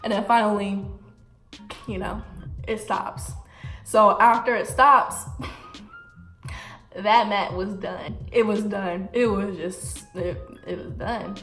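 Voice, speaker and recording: A young adult woman telling a casual storytime with animated, slangy delivery and acted-out quotes. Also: mid-range voice, slow, pauses often. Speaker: vlogger. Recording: echoey room with faint music.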